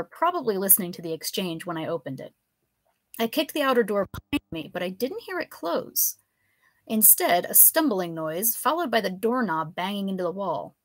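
A woman reading her own comic novella aloud with a lively, animated delivery. Her pitch moves around a great deal. The recording is dry, with no room sound. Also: no echo. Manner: expressive, animated storytelling. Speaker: author and reader. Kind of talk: live fiction reading.

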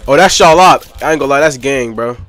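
A young man giving excitable, slang-heavy gameplay commentary while chatting with other players. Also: mid-range voice, fast talker, dry recording. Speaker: gaming YouTuber.

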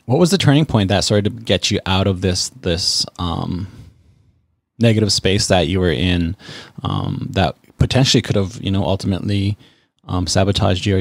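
Deep-voiced man hosting a podcast. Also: gravelly, no room sound. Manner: reflective, supportive, many fillers and restarts. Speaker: podcast host. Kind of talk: casual podcast interview.

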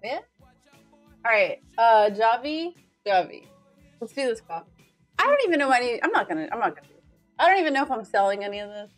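A young woman streaming live, chatting casually and greeting viewers by name, bubbly and giggly. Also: a little high. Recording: with faint music behind.

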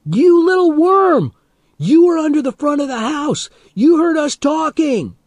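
A man voicing an enraged teenage boy in an audiobook who yells accusations at his younger brother. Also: very animated, measured pace, no echo, studio quality, full character voice. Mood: furious accusation. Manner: shrill, accusing yelling. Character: furious accusing teen older brother.

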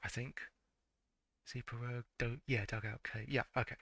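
A man's voice: mid-range voice, steady tone, normal speed, a bit bright, dry recording. A man, casually commenting on a retro game and reading its text aloud, stumbling and correcting himself with frequent laughs. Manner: stumbling over words, self-correcting, laughing. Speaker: let's-play host.

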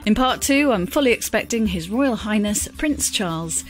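A woman's voice: medium pitch, expressive, normal speed. Lady host wrapping up the episode, scripted, music under her. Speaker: podcast host. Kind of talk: scripted podcast outro.

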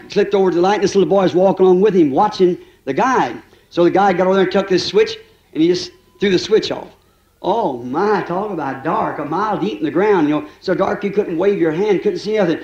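A middle-aged preacher with a high voice tells homespun stories to his congregation. He chuckles often and keeps a folksy, storytelling manner. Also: darkish tone, husky, muffled recording.

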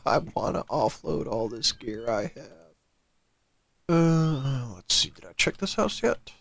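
A man's voice: mid-range voice, big pitch swings, slow, gravelly. A man hosting a let's play, joking casually and reading out game text. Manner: laid-back, joking. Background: game music.

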